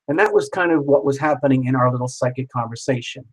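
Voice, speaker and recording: A man telling a personal story in a casual, animated way, swearing freely and acting out the other people in it. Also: medium pitch, fast talker, hardly any pauses, poor audio. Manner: animated, swears casually, acts out quoted voices.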